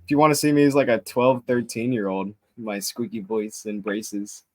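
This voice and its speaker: A man's voice: on the low side, flat delivery, normal speed, dry recording. Brief: young adult male, dry close sound, short joking self-deprecating replies. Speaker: sponsored disc golf player. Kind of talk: casual interview chat.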